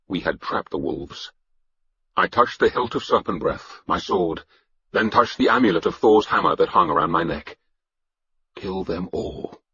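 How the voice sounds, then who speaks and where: A man with a husky voice narrating a historical novel in the first person, in a measured, grave storytelling manner. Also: low-pitched. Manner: measured, grave storytelling with shouted battle cries. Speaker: audiobook narrator. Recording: dull lo-fi audiobook recording.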